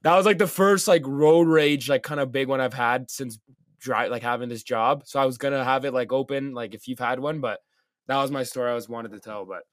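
A man's voice: mid-range voice, fairly quick, no echo, studio quality. Laid-back man chatting with fillers. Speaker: podcast co-host. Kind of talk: casual chat.

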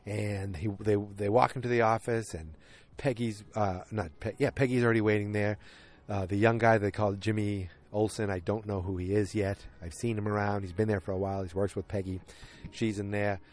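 A man with a lowish voice talks off the cuff outdoors on a windy evening. He rambles and riffs through a recap, jumping into the characters' lines as he goes. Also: steady tone, fairly quick, a little mellow. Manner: chatty, riffing, acts out characters' lines. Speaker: vlogger recapping a TV episode.

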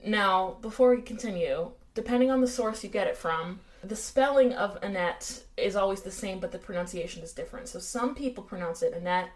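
A woman's voice: medium pitch, brisk, hardly any pauses. An American woman co-hosting a casual true-crime podcast, chatty and wry, with lots of fillers. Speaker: podcast co-host.

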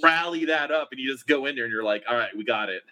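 A man co-hosting a casual podcast, riffing on jokes. His voice is bright and forceful. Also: mid-range voice, fast. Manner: jokey, riffing. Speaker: podcast host. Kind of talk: casual chat.

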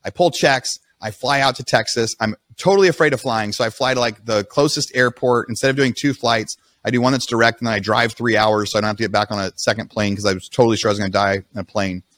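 A man, a podcast guest, telling his own story in a casual, animated way, often breaking off and restarting his sentences. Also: fairly low pitch, no echo. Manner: rapid, animated retelling with restarts.

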